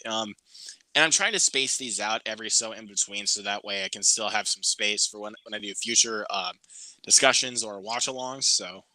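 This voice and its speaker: A man's voice: fairly low pitch, normal speed, sharp tone, no echo, poor audio. A man hosting a casual live Q&A and chatting in a laid-back, talkative way with his guests. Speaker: show host.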